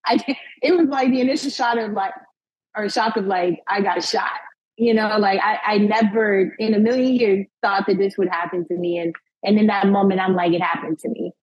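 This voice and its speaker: A young woman tells a personal story as an interview guest, with a husky, slightly breathy voice. She talks in an animated way and acts out what people said. The sound is dull and lo-fi, like a modest podcast recording. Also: medium pitch, normal speed. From United States. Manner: animated retelling, acting out quotes, frequent laughs and "like".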